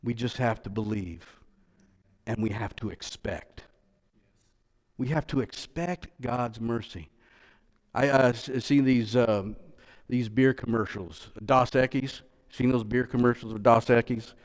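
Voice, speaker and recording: A man's voice: mid-range voice, steady tone, a little slow. Preaching man in an echoing hall. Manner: builds from quiet to loud, emphatic preaching; conversational, repeats words and phrases. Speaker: pastor. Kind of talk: sermon.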